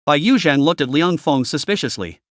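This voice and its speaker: Animated male story narrator. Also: fairly high pitch, brisk, no echo, studio quality.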